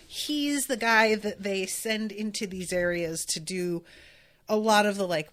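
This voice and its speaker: Reacting to an anime, a woman hosting a podcast talks in a fairly bright tone at medium pitch. Her casual chat meanders, full of fillers and restarts.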